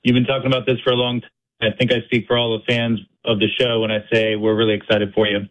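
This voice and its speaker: A man's voice: medium pitch, monotone, fast talker, fairly bright tone, poor audio. A man calling in to a radio show, earnestly wishing the host well. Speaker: caller. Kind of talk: phone-in call to a radio show.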